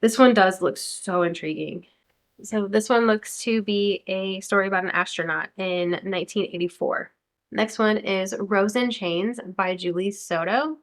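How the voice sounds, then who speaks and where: Speaking a little slowly in a mid-range voice, a young American woman chats casually as a book vlogger. She's enthusiastic and talkative about upcoming books and reads some blurbs aloud along the way.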